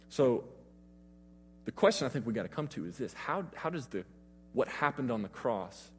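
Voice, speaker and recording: A man's voice: mid-range voice, in a large hall, a little hiss or hum. A man preaching a sermon, retelling scripture in a casual, conversational way.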